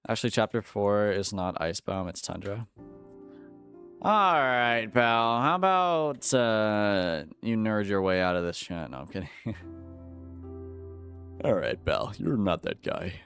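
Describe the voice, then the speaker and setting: With a fairly low but fairly bright voice and lively intonation, this man speaks unhurriedly as he games on stream. He jokes with his chat using casual slang, with faint music behind.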